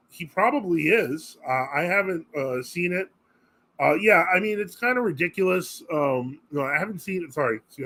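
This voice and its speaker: A man's voice: high voice, fairly bright tone, low-quality recording. A man hosting a live Q&A stream, chatting casually and reacting to viewer comments as he reads them aloud. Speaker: host of a live religious Q&A stream.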